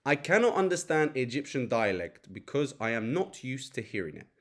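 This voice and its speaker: A man's voice: mid-range voice, sing-song, moderate pace, a bit bright. A man teaching a grammar lesson, breaking example sentences down word by word with the occasional filler. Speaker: Arabic teacher.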